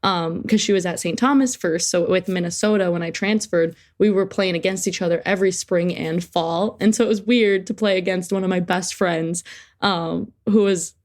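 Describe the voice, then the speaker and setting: A woman's voice: on the low side, normal speed, darkish tone. A young woman in her twenties, a soccer player answering interview questions in an earnest, upbeat way with frequent fillers. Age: 20s.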